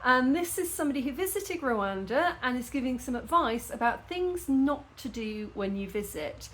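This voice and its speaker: A woman's voice: sits high, lively intonation, moderate pace, a bit bright. A woman casually reacting to a travel video, chatty and jokey, laughing often. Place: indoors at home.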